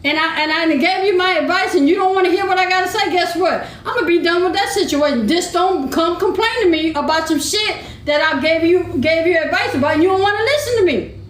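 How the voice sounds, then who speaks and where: A woman's voice: extremely high pitch, fast, few pauses. A woman, co-hosting a casual chat and speaking her mind bluntly and emphatically, often laughing. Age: 50s. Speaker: podcast co-host. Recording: echoey room.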